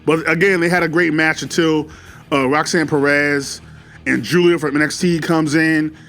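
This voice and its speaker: A man with a slightly high voice talks through a wrestling show in an excitable, rambling way, dropping slang and fillers. Faint music plays behind him. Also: normal speed. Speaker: wrestling commentary YouTuber. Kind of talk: casual solo review chat.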